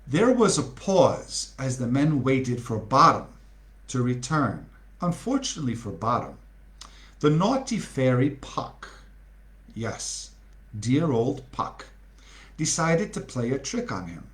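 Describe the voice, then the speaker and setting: A man's voice: mid-range voice, very animated, takes it slowly. A man reading a storybook aloud to a live audience, playfully asking them questions as he goes. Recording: roomy echo.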